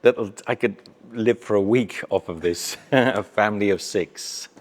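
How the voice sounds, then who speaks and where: A man's voice: on the low side, unhurried, background noise. Cheerful man on a street food vlog. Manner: cheerful, chatty, laughs often, talks while eating. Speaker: travel vlogger. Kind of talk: casual food vlog chat. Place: outdoors at a street food stall and town street.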